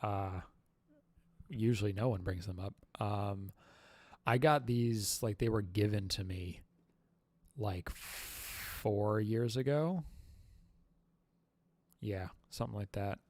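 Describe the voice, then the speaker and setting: Slow, rambling man on a dry mic. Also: fairly low pitch, darkish tone, no room sound. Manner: rambling, halting, full of fillers and self-mocking jokes. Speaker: livestream host. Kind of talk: casual livestream chat.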